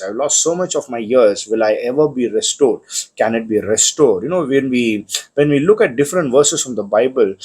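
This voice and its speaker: A man preaching a sermon, often restarting phrases and building to a fervent pitch. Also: breathy edge.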